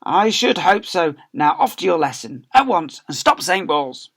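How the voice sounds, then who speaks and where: A man's voice: fairly high pitch, sing-song, a little slow, fairly bright tone, voice pushed up, exaggerated voice. A man voicing a stern, commanding headmistress in a storybook reading aloud. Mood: bossy stern. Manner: commanding, barking orders. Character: stern bossy headmistress, older woman.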